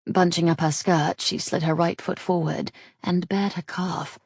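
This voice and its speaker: A woman narrating a romance audiobook in an intimate, husky reading. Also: on the low side, steady tone, a little slow, darkish tone, no room sound, studio quality.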